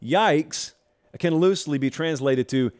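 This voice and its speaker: A man's voice: a little high, unhurried, a little mellow. A man hosting a college football talk show, delivering an emphatic, opinionated monologue with sarcastic asides.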